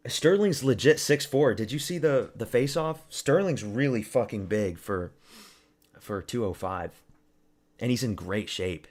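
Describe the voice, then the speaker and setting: A man's voice: medium pitch, lively intonation, unhurried, darkish tone. A man hosting a casual fight watch-party stream, rambling, swearing and answering chat. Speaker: livestream host.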